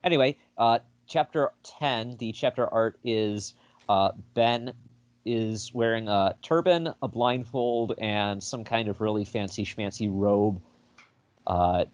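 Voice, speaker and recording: A man's voice: on the low side, a little slow, a little mellow, no echo. A man co-hosting a casual book podcast in a playful, joking manner. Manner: playful, jokey, laughs often. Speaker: podcast co-host.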